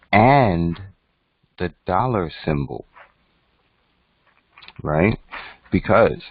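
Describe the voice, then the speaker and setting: A man teaches an online class in a conversational lecture style, often checking in with "right?" His voice is low, gravelly, and slightly rough, and the lo-fi recording sounds dull and dry.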